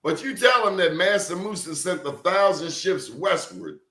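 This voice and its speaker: A man's voice: sits high, very animated, normal speed, bright, forceful tone. A man in casual conversation, telling stories emphatically with blunt slang. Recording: roomy echo.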